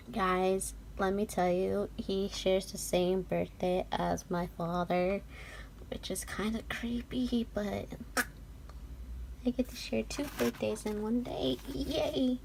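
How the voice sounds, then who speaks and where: A young woman vlogger chatting casually through an unboxing, gushing and giggling, often dropping to a soft whisper. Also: mid-range voice, gravelly, a little hiss or hum.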